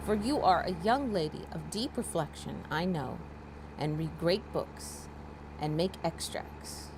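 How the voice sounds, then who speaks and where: A woman lowering her voice for a calm, sardonic middle-aged father who teases his family in a measured, slow drawl. The voice sits a little lower, with lively ups and downs. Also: noisy background. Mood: teasing. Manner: dry, measured, teasing. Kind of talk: dramatic reading of a classic novel.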